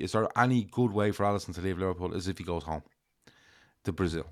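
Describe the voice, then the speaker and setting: A man's voice: deep voice, fast talker. A man co-hosting a casual football podcast, talking emphatically with some swearing. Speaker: podcast co-host.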